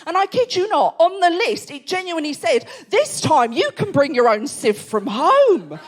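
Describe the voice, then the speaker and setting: Female comic, high voice, animated storyteller, live club set. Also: normal speed, faint music behind. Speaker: stand-up comedian. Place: comedy club stage before a live audience.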